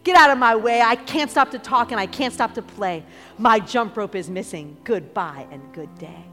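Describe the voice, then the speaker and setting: A woman voicing a furious, bossy little girl who shouts demands in a storybook reading. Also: on the high side, normal speed, big-room sound, soft background music, natural voice.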